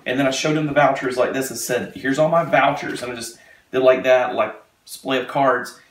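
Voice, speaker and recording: A man telling a testimony story with animation, retelling quickly and acting out the quotes. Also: mid-range voice, fairly even intonation, a little hiss or hum. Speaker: speaker giving a testimony. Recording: echoey room, mic far off.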